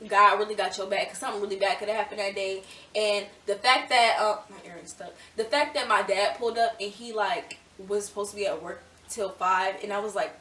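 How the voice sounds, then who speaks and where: Bright-voiced young woman telling a storytime. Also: medium pitch, slight background noise. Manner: chatty, animated storytelling with many fillers. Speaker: vlogger. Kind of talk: storytime vlog. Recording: echoey room, a little far from mic.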